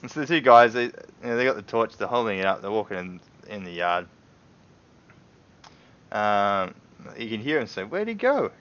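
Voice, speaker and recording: A man with a very low voice narrates a tabletop game as its game master. He hesitates and rambles, circling back with fillers. The stream audio is dull and lo-fi. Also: normal speed, long pauses, fairly bright tone, smooth.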